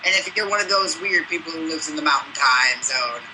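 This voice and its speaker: A man's voice: a little high, brisk, background noise. A man co-hosting a casual sports podcast, teasing the others with snarky quips. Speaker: podcast co-host.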